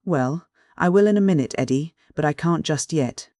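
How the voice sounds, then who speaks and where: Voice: medium pitch, moderate pace, darkish tone, no echo, studio quality, natural voice. A narrator voicing a shy, petulant young girl who is engaged to be married, in an audiobook reading. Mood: fretful. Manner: fretful, petulant complaining.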